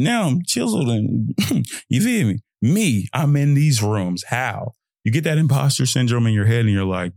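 A young man from Texas rambles through a solo motivational podcast in a gravelly, creaky voice. He talks loose and slangy and jumps into high mocking voices when he quotes his own thoughts. The sound is close and dry, with no room in it. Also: very animated, normal speed, darkish tone, no room sound. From Fort Worth, Texas. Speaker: podcast host.

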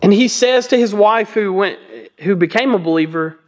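A man's voice: high-pitched, moderate pace, few pauses. A man giving a Bible teaching sermon in a conversational, joking way, hammering points home by repeating them. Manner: emphatic repetition.

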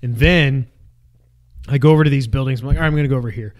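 A young man co-hosting a casual gaming podcast, an animated storyteller who acts out his own yelling. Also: medium pitch, racing. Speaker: podcast co-host.

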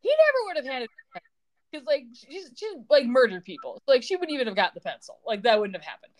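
A woman's voice: high-pitched, big pitch swings, brisk. Chatty woman recapping a soap. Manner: chatty, quoting characters in a sarcastic retelling. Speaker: podcast co-host. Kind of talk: casual recap chat.

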